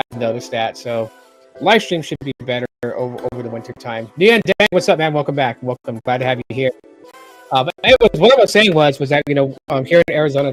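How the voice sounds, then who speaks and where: A middle-aged man hosting a tech livestream in casual chat, rambling and repeating himself as he tells stories. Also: mid-range voice. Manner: rambling, repeats phrases, lively storytelling.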